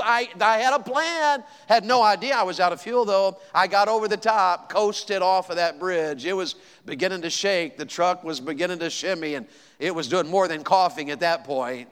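A male evangelist telling a folksy, animated story in a sermon, rising to excited exclamations. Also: high voice, moderate pace, clean tone. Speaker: evangelist preacher. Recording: long hall reverb.

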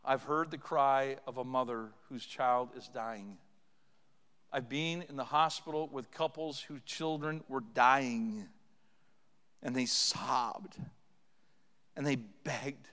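A man's voice: fairly high pitch, animated, measured pace, pauses often, a bit bright, in a large hall. A man preaching an impassioned sermon as pastor, building to fervent cries. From Canada. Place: church sanctuary.

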